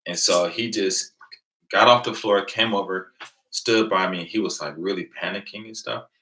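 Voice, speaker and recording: A man's voice: deep voice, normal speed, sharp tone, low-quality recording. A man from the United States hosting a casual channel, chatting with viewers and telling stories, acting out the exchanges he quotes. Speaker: channel host.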